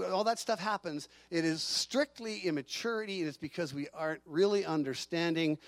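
Pastor guy preaching, lively, high pitched, acts out little quotes. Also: normal speed, few pauses, dry recording. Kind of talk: sermon.

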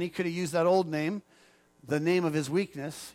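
Fairly high-voiced pastor preaching casually. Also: male voice, moderate pace, darkish tone. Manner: conversational, jokes with the congregation. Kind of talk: sermon.

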